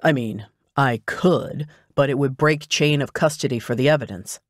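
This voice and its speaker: A man's voice: medium pitch, normal speed, no room sound, natural voice. A man voicing a wry, dry private investigator. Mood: matter-of-fact. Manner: matter-of-fact, teasing. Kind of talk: audiobook dialogue.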